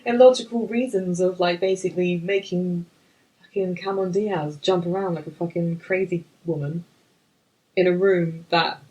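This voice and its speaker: A woman, co-hosting a film podcast in casual chat, ranting in an animated, sweary, exasperated way. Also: lowish voice, moderate pace, low-quality recording. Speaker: podcast co-host.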